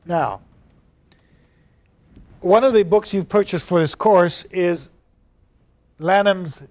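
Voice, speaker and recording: Guy lecturing on poems, talks slow and careful, voice a bit high. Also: darkish tone. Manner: slow, deliberate, reads verse aloud with rising emphasis. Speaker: university lecturer. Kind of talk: classroom lecture on poetry. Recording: 2009 classroom lecture recording.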